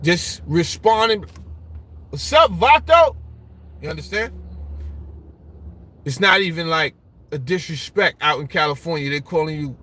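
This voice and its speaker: Animated, mocking man with a bright voice. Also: fairly high pitch, moderate pace, pauses often. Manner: animated, mocking, repeats "you understand?". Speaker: commentator reading and answering comments. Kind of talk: casual opinion talk. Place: Brooklyn.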